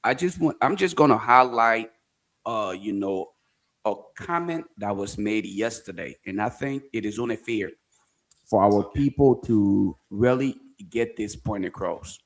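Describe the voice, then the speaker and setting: A man hosting a political talk show, deliberate and arguing through rhetorical questions. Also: on the low side, expressive. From Liberia.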